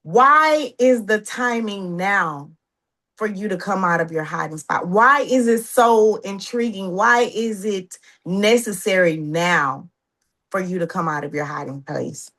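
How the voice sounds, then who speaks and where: A woman hosting a faith podcast who asks questions and encourages her guest warmly. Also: mid-range voice, lively intonation, a little slow. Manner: encouraging, affirming interviewer. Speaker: podcast host. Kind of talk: conversational interview.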